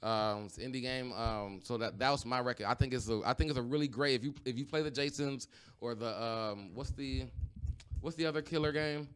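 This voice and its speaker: A man's voice: mid-range voice, brisk, a bit bright, clear, resonant tone. A man co-hosting a podcast, chatting casually in a loose, rambling way with lots of fillers and restarts. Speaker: podcast co-host. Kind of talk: casual chat.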